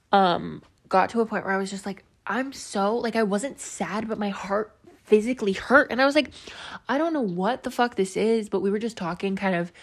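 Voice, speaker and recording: Rambling, swearing young woman podcaster. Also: medium pitch. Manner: rambling, swears often, frequent "like" fillers. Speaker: podcast host. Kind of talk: casual confessional monologue.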